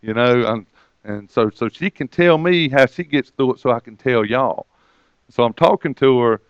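Guy preaching, telling a story, voice goes up when he quotes people, smooth clear voice, dry dull-sounding recording. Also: normal speed, dry recording. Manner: retells conversations, quoting others with rising pitch. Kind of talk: sermon storytelling.

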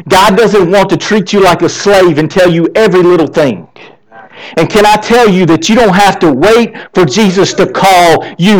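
High-voiced male pastor preaching. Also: low-quality recording. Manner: preaching with rhetorical questions to the congregation. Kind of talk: sermon. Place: church.

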